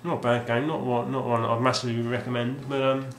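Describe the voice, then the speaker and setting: Talking at a quick pace with little pitch movement, a man with a medium-pitched voice shows off his game collection in a casual, hesitant way, full of ums and restarts. The sound is roomy, with faint ambience and slight background noise.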